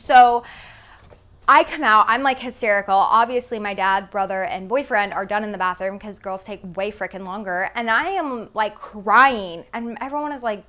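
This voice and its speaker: A woman's voice: medium pitch, normal speed, pushed and bright. A woman around twenty from Texas, telling a casual storytime with lots of "like" fillers and casual swearing. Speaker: vlogger. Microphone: phone camera.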